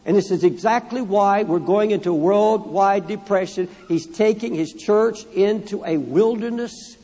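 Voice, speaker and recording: High-voiced, husky fervent preacher man. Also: normal speed, mellow. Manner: fervent preaching, repeating phrases for emphasis; reads scripture aloud and addresses the congregation directly. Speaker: pastor. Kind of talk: sermon. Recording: long hall reverb in a church.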